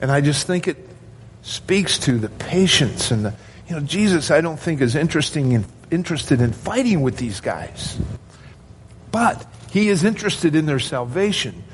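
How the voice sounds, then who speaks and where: A man's voice: on the high side, sing-song, normal speed, a little hiss or hum. A male pastor preaching a sermon to his congregation, earnest and asking rhetorical questions.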